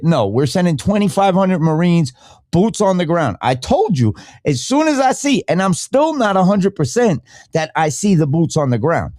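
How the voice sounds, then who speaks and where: A man's voice: sits high, big pitch swings, normal speed, darkish tone, no room sound, clean studio sound. A middle-aged man hosting a podcast, ranting in a casual, rambling and profane way about his opinions. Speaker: podcast host. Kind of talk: casual live-stream rant.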